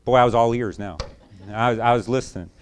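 A man with a medium-pitched, clear, resonant voice talks fast as he preaches a sermon. He tells a folksy personal story in a repetitive, conversational way, then shifts into emphatic preaching.

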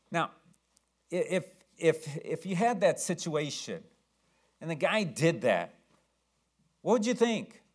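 A man preaching a sermon, swinging between loud exclamations and soft asides. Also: on the high side, very animated, slow, long pauses, husky.

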